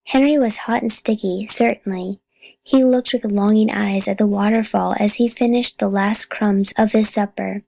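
A woman narrating a children's chapter book in a calm, steady reading voice. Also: mid-range voice, normal speed, vocal fry, no echo, poor audio. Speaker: audiobook reader. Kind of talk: storybook narration.

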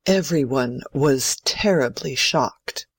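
A woman's voice: extremely low pitch, slow pace, husky, dry recording, heavily acted. A woman playing a strict, proper old grandmother who scolds sternly. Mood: scolding. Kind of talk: amateur play reading.

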